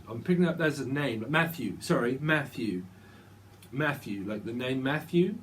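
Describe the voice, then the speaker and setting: A man's voice: medium pitch, slight background noise. A man giving a casual tarot reading, rambling and repeating words and names as he goes. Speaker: tarot reader.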